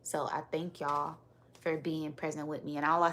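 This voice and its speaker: A woman hosting a live-streamed spiritual energy reading and chatting with viewers, talking in a calm, relaxed, unhurried way. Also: low voice. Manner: calm, relaxed and unhurried, sometimes repeating words. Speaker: spiritual reader and livestream host.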